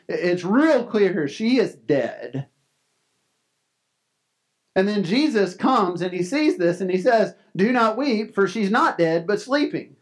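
A male pastor preaching a sermon in an earnest, conversational way, often restarting his words. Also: fairly high pitch. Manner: earnest, conversational, frequent restarts and soft laughs.

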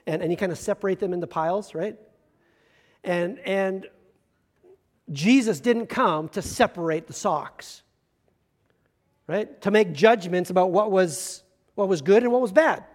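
A man, a pastor, giving a conversational sermon with self-deprecating humor and slow, emphatic stresses. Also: high-pitched.

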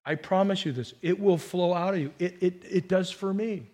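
A man preaching a sermon as pastor, animated, acting out people in quotes and rising to near-shouts. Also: high-pitched, normal speed.

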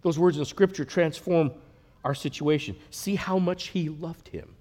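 A man preaching a sermon, earnest, rising to loud emphatic passages and dropping to a near hush. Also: on the high side, unhurried. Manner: earnest, swells loud then drops to a hush. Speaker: pastor.

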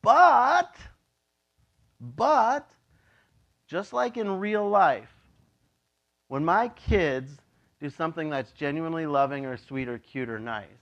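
A man preaching a casual, joking sermon as a pastor, chatty and animated, acting out voices in his stories. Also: on the high side, measured pace, dull audio. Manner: chatty, with many "like" and "you know".

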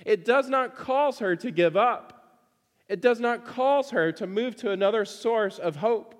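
A man's voice: extremely high pitch, animated, a little slow, big-room sound. A man preaching a sermon to his congregation, emphatic and fond of repeating phrases for stress.

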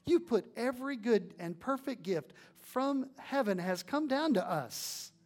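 A man delivers a sermon and closing prayer in a fairly high voice. He preaches emphatically, leaning on rhetorical questions to the congregation. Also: lively intonation, unhurried, darkish tone.

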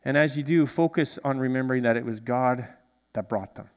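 A male pastor preaching a sermon in a church, animated and drawing responses from the congregation. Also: mid-range voice, brisk, long reverb tail. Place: church sanctuary.

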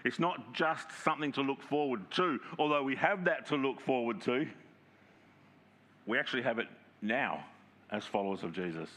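A man preaching a sermon in a conversational way, often checking in with the congregation and reading scripture aloud slowly with emphasis. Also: mid-range voice, animated, fairly bright tone. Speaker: pastor.

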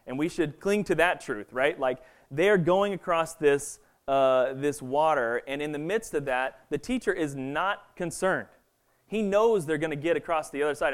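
A man giving a casual, conversational sermon, often checking in with the listeners with "right?". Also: fairly high pitch. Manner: conversational, filler-heavy, keeps asking "right?". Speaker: pastor.

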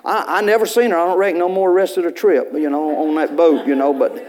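A male pastor, preaching a sermon in church in a folksy storytelling way, with bursts of loud preaching. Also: on the high side, steady tone, quick pace.

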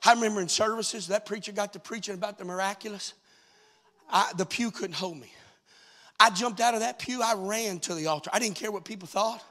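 A man's voice: sits high, a little fast, bright, forceful tone. A man preaching a Pentecostal altar-call sermon in a church, fervent and building to urgent exhortation. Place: church sanctuary.

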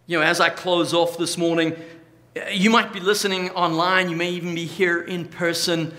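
High, bright-voiced man preaching in a hall. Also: little pitch movement. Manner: emphatic, varied delivery with slow stressed phrases. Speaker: pastor. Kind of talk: sermon. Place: church hall.

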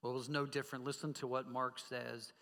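A man's voice: medium pitch, flat delivery, brisk, a bit bright, in a large hall. A man preaching a sermon as pastor, earnestly asking the congregation direct questions.

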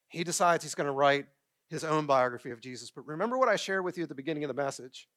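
A middle-aged pastor preaching from a church stage, his somewhat high voice rising and falling as he tells stories. He acts out quotes and puts questions to the congregation in a lively, conversational way. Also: fast. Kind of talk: sermon.

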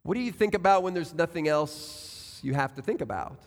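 A male pastor preaching with a high, earnest voice. He puts direct questions to his listeners, and his words ring out through a church sanctuary with a long, lingering reverb. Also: animated, normal speed. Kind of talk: sermon.

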